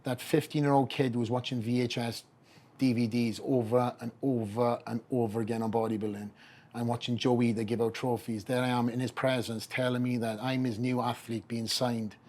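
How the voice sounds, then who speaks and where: With a medium-pitched voice and a fairly quick delivery, a middle-aged man from Wales, Welsh accent and all, tells his bodybuilding story on a podcast. He animates it by acting out the voices of those he quotes.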